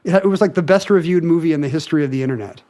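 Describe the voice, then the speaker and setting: Male podcast co-host, higher-pitched voice, quick and wry, lays out facts between jokes. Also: warm tone. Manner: quick, joking, explains at length. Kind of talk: casual chat.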